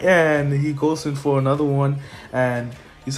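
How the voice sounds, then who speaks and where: A young man casually retelling a fan story, rambling and halting with fillers. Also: medium pitch, flat delivery. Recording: soft lofi music under.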